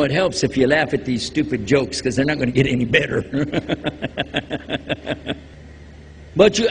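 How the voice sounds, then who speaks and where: A high, lively voice rolls out slowly as a man preaches to a crowd. He cracks jokes and fires questions at his listeners. The sound carries a long hall reverb with faint background noise. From Texas. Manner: jokey, quizzes the audience. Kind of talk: religious lecture to a live audience.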